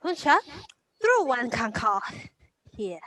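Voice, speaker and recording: A woman playing in a tabletop game, speaking in halting, broken phrases. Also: on the high side, very animated, a bit bright. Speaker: player. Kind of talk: tabletop role-play.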